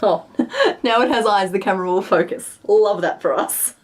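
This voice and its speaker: A woman's voice: medium pitch, very animated, normal speed. Young woman, West Australian accent; casual, self-deprecating live-stream chat while crafting. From Western Australia. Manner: chatty and self-deprecating, narrating her hands-on work. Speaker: crochet streamer.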